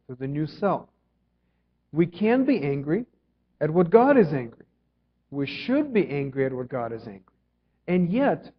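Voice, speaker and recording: A man preaching a sermon as pastor, earnest, moving between emphatic lines and hushed ones. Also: on the high side. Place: church sanctuary. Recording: dull sound with long reverb in a hall.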